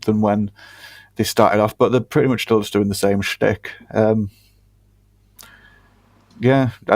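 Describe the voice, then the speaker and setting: A man's voice: fairly low pitch, darkish tone, dry recording. A man co-hosting a casual wrestling podcast, laid-back with dry humor and frequent ums. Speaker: podcast co-host.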